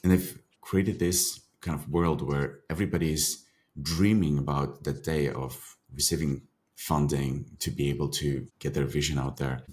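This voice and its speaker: A man's voice: a bass voice, fairly even intonation, normal speed, darkish tone. A man hosting a podcast, asking thoughtful, long-winded questions. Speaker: podcast host. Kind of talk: interview questions.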